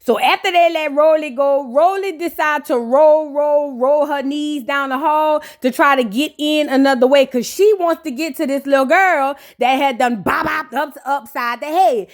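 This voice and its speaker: Woman, high voice, reaction show host, animated profane gossip, speaks straight to viewers. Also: normal speed, few pauses. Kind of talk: casual gossip recap.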